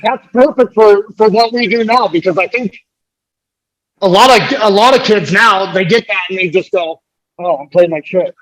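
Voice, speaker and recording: A man's voice: sits high, normal speed, fairly bright tone, low-quality recording. A man from the United States, a guest on a podcast, talking in a fired-up, emphatic way with frequent swearing in casual chat.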